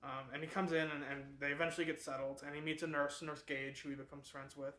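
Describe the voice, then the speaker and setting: A man hosting a book club gives a loose, rambling summary. His voice is bright and a little high. The room has a lot of echo. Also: little pitch movement, fast. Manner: rambling, lots of fillers and restarts.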